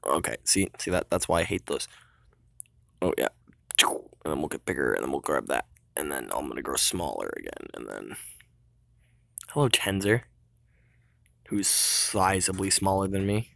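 A man's voice: low-pitched, expressive, moderate pace, creaky, pauses often, a bit bright, no echo, clean studio sound. A young man giving casual gameplay commentary, cocky and trash-talking, singing along in bursts. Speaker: gamer.

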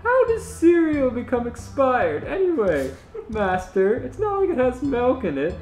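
Man doing a squeaky falsetto robot sidekick, dopey sing-song, shrill, roomy echo. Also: huge pitch swings, a little slow, darkish tone, soft background music, full character voice. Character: shrill hyper little male robot servant.

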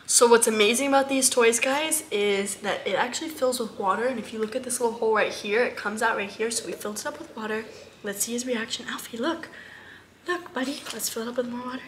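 A woman's voice: a little high, fairly even intonation, brisk, slight background noise. A young woman hosting a casual animal vlog, explaining things to viewers and cooing in baby talk to a pet. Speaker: animal care vlogger.

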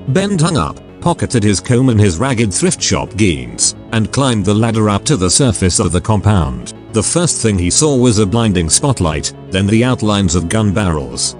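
A man's text-to-speech voice narrating a story with flat synthetic delivery. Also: on the low side, normal speed, few pauses, soft background music.

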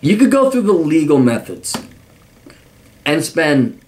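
A man's voice: on the high side, big pitch swings, a little slow. A man hosting a podcast, giving blunt, profanity-laced advice in a rambling monologue full of restarts.

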